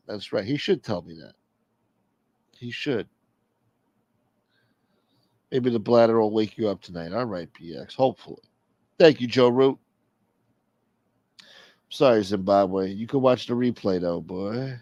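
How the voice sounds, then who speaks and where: A man's voice: lowish voice, measured pace, pauses often, a little mellow, no echo. A man hosting a casual livestream, rambling and joking as he reads out chat. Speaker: livestream host.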